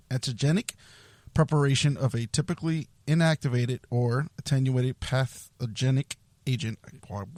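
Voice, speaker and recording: A man's voice: medium pitch, a little mellow, no room sound. A man hosting a casual podcast, reading an article aloud and stumbling over long words. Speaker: podcast host.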